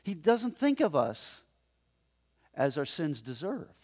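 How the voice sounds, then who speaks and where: A man preaching a sermon in a conversational, animated way, often chuckling as he talks to the congregation in the room. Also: fairly high pitch, slow, husky. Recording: long hall reverb.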